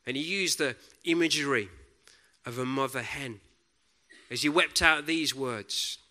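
A man preaching a sermon in a deliberate, reflective way, often dropping to a soft hush on key words. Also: medium pitch.

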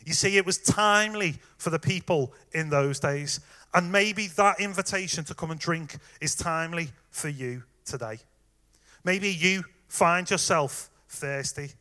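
Male preacher, high bright voice, chatty sermon delivery, addresses the congregation directly. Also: a little slow. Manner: conversational, warm direct address with fillers.

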